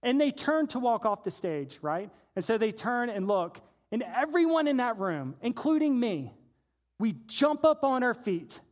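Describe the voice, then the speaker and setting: Man, high voice, pastor, sermon, storytelling, hushed to shouting. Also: big pitch swings, a little slow.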